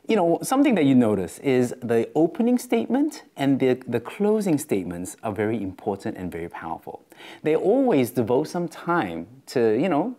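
Australian male devotional host, informal and chatty, mid-pitched with a warm dark tone. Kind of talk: casual devotional talk.

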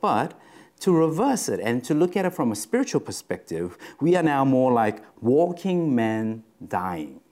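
A man preaching a sermon in a conversational way, often pausing on fillers and checking in with the listeners. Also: medium pitch, big pitch swings, a little mellow. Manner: conversational, with frequent fillers and "right?" check-ins.

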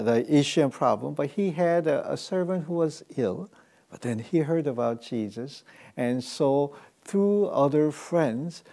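Gravelly, dark-voiced male pastor preaching. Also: a little high. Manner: halting, with frequent fillers and restarts. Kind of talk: sermon.

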